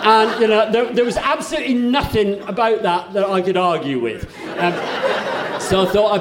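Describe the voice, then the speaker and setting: A man's voice: sits high, measured pace, long pauses, reverberant, slight background noise. An older man telling a humorous story on stage between songs, chatty and wry, often restarting his sentences. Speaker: folk singer and storyteller. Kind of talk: live on-stage song introduction.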